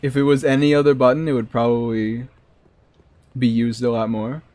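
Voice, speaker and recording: Guy streaming a modded game, jokey chatty commentary, mid-pitch. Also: little pitch movement, moderate pace, darkish tone. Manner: joking, chatty with chat. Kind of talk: casual gameplay commentary.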